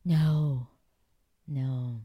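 Very low-voiced woman telling stories. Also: fairly even intonation, drawn-out words, warm tone, breathy edge. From Pittsburgh, USA. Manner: chatty, many fillers, laughs often. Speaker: actress, interview guest. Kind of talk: relaxed interview storytelling.

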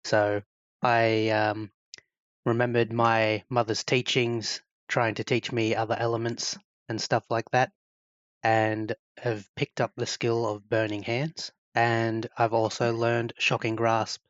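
A man recounts his character's progress slowly and evenly, with little rise or fall in his voice. His mic sounds dull and lo-fi, and the sound is dry. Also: medium pitch, level tone, fairly bright tone, no echo. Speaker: player. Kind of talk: in-character tabletop play.

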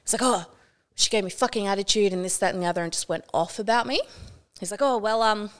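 A young woman with a smooth, clear voice tells a story on a casual podcast. She is animated, swears freely and acts out what people said. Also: on the low side. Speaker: podcast co-host.

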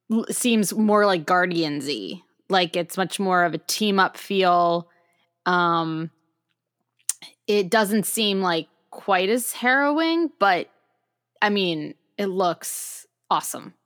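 A woman's voice: medium pitch, takes it slowly, fairly bright tone. Chatty woman co-hosting a podcast. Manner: rambling and chatty, with many likes and ums. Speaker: podcast co-host. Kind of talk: casual chat.

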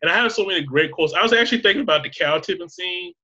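A man's voice: sits high, racing, sharp tone, highs cut off. A man chatting casually as co-host, cursing freely, laughing often and acting out movie lines. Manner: profane, laughs a lot, acts out movie quotes. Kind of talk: casual chat.

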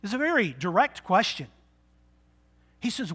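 A man preaching a sermon, moving from quiet, intimate talk to loud exhortation and acting out the voices of people in his stories. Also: sits high, expressive, moderate pace. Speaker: pastor.

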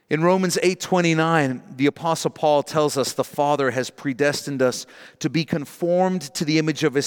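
A man's voice: medium pitch, long reverb tail. A man preaching an earnest, emotional sermon, acting out the people he quotes. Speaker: pastor.

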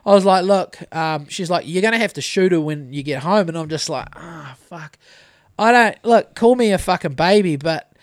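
A man's voice: on the high side, expressive, normal speed, dry recording, clean studio sound. A man in his thirties with a New Zealand accent, telling a rambling story on a casual podcast and swearing freely. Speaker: podcast host. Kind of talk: casual chat.

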